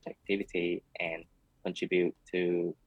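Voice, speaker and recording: Heard through a lo-fi playback of a speaking test, an exam candidate answers the questions hesitantly. His voice is low, his delivery flat, and his pace measured.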